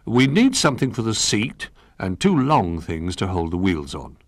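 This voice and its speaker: A man voicing a calm, kindly old toy bear who reassures the others. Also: fairly low pitch, moderate pace, no room sound, studio quality. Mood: thoughtful.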